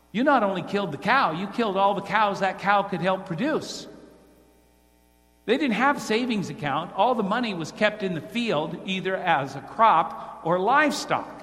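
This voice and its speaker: A man preaches to his congregation in a fairly high voice and asks his listeners direct questions. His voice carries through a church hall with a long reverb. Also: a bit bright. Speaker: pastor. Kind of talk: sermon.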